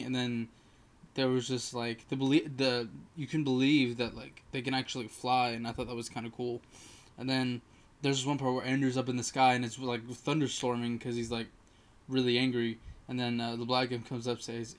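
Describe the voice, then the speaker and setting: Rambling male movie reviewer, flat delivery. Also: medium pitch, moderate pace, smooth. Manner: rambling retelling full of fillers. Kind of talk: casual spoken movie review.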